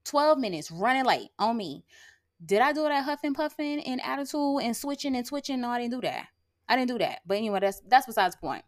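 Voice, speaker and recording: Her voice rides on the high side here, animated and fairly quick. On her own podcast, the rural lash artist and brow tattooer gives a casual, sassy, emphatic monologue packed with "okay?" and "like" check-ins.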